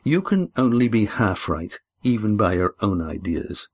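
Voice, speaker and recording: A man's voice: lowish voice, big pitch swings, a little slow, breathy edge, heavily acted. A man voicing a defiant, impatient young man in an audiobook, speaking earnestly and insistently.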